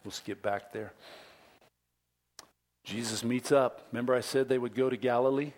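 A man pastor preaching a sermon, dramatic, dropping to whispers and rising to loud emphasis. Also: mid-range voice, fairly even intonation, moderate pace.

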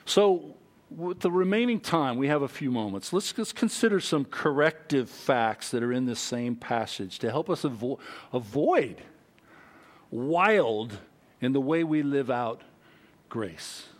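A man preaching a sermon as pastor, emphatic and animated, acting out other people's voices and reading scripture aloud. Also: mid-range voice, unhurried.

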